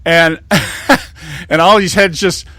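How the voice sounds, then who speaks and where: A man's voice: a little high, steady tone, slow pace, sharp tone, no echo. A man in his sixties from California, hosting a talk show in a rambling, indignant monologue with many restarts. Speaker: host.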